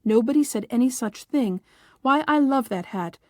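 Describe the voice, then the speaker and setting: A woman's voice: a little high, expressive, moderate pace, a little mellow, dry recording, studio quality, close to an everyday voice. A woman reading a coaxing young newlywed husband. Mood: exasperated coaxing. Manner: coaxing, then defensive.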